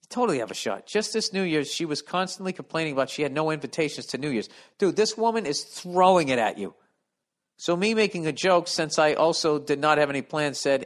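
A profane man in his fifties with a Boston accent, hosting a comedic solo podcast. His pitch swings widely as he reads listener mail and riffs loudly on it, and his voice sits a little higher than usual for a man. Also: animated, fairly quick. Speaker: podcast host.

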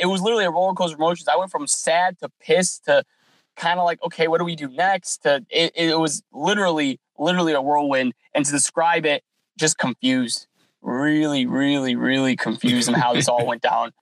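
A man co-hosting a casual sports podcast, telling stories in an animated way and acting out the dialogue. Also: on the high side, brisk, dry recording, low-quality recording. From California. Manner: animated storyteller, acts out dialogue. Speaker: podcast co-host.

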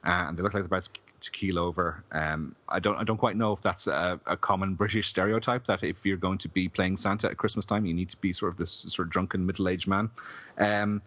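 A man with a very low voice rambles through a film review, stopping on fillers and cracking jokes. The sound is dull and lo-fi in a dry, close space. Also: fairly even intonation, fairly quick, fairly bright tone, no room sound. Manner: rambling, filler-heavy, jokey. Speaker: podcast co-host, film reviewer. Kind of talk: casual chat. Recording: dull lo-fi dry podcast audio.

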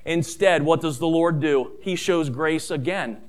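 Man preaching, middle-aged, high voice, smooth resonant tone, emphatic storyteller. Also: unhurried. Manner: storytelling preacher who addresses listeners as family; emphatic, with rising pitch and volume on key points. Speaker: pastor. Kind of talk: sermon.

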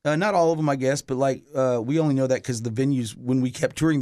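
A man's voice: mid-range voice, fast, few pauses, a little mellow, no room sound. A middle-aged man, a touring musician, telling a long story in casual chat, rambling with lots of fillers and restarts.

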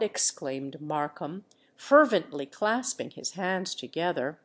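A woman narrating an audiobook with plain, steady delivery. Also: low voice, slow. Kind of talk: audiobook reading.

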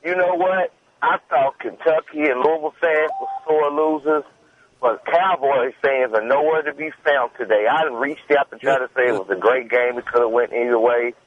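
A man's voice: mid-range voice, normal speed, crowd noise. Teasing man calling in on a phone line. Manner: boastful, teasing. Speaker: caller. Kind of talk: call-in to sports radio.

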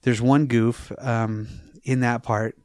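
A man chatting casually about a movie, animated and profane, acting out scenes and laughing often. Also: medium pitch, slow, no room sound, studio quality. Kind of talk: casual chat about a film.

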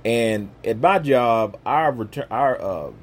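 Man, husky voice, fairly high pitch, lively intonation, faith podcast host, emphatic, preachy talk. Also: slow.

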